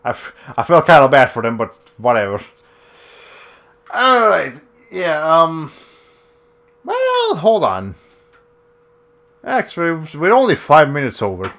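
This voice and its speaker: A man's voice: a little high, huge pitch swings, measured pace, long pauses, fairly bright tone. A young man giving casual, rambling commentary while streaming a video game, often cutting himself off mid-sentence. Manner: rambling, self-interrupting, with many fillers.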